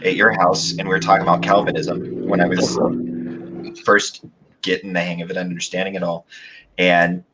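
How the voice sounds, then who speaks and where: A man's voice: low voice, completely flat delivery, moderate pace, very noisy. A man as a guest in a casual chat, telling stories with many fillers and restarts. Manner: rambling, hesitant with many fillers.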